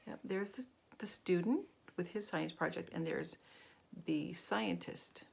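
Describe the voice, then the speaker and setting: An older woman reading a story aloud to children, gently pausing to ask them questions. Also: fairly low pitch, gravelly, a little hiss or hum. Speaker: storybook reader.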